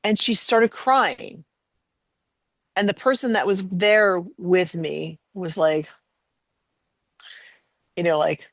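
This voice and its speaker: A woman's voice: fairly low pitch, takes it slowly, long pauses, no room sound. Woman telling an emotional family story. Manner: emotional, rambling with many fillers and restarts. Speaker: podcast host. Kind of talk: personal storytelling in conversation.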